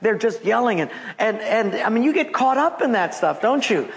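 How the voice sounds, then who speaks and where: A man's voice: very animated, moderate pace, creaky. A man preaching a sermon, telling stories and acting out the voices of people in them. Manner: storytelling, acts out quoted voices with big pitch jumps. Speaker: pastor.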